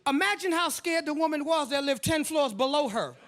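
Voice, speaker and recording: A man's voice: extremely high pitch, animated, brisk, fairly bright tone. A man performing a stand-up comedy set, telling stories and acting out the people in them. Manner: storytelling, acts out characters, playful.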